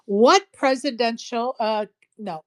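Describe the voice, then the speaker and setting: A woman's voice: on the high side, slow pace. Chatty woman hosting a trivia night. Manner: chatty, laughs easily, jokes around. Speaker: host. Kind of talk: casual group audio chat.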